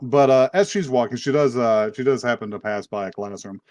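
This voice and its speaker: Rambling, profane podcast host. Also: male voice, medium pitch, fairly quick, darkish tone, dry recording. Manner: rambling, profane, laughs often. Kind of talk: casual chat, recapping an anime.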